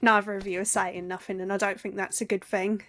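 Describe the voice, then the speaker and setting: A woman's voice: medium pitch, level tone, fairly quick, fairly bright tone. A British woman in casual in-character roleplay chat, blunt and swearing freely. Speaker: roleplay player.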